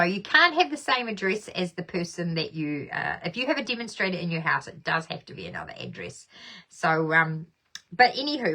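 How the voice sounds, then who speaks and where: A woman's voice: medium pitch, bright, forceful tone. A woman hosting a casual craft live stream, bubbly and chatty, reading viewer comments aloud and laughing often.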